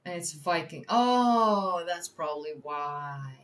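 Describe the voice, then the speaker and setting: A woman's voice: fairly low pitch, expressive, measured pace. Chatty woman streamer. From Netherlands. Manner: chatty, laughs easily, stumbles over pronunciations. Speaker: livestream host, science communicator. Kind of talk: casual livestream chat and reading articles aloud.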